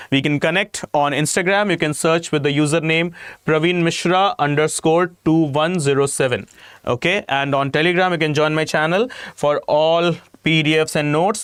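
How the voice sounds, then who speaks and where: Man, Indian English accent, live class teacher, emphatic, lots of okays, slightly high voice, dry sound. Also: a bit bright, clear, resonant tone, no echo. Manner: emphatic, peppers speech with "okay" and "you know". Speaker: exam-prep teacher. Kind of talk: live-streamed class talk to students.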